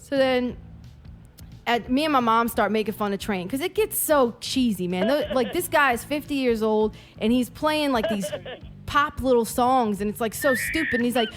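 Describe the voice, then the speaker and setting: Profane, animated woman telling stories. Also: fairly high pitch, normal speed, soft background music. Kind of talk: casual storytelling chat.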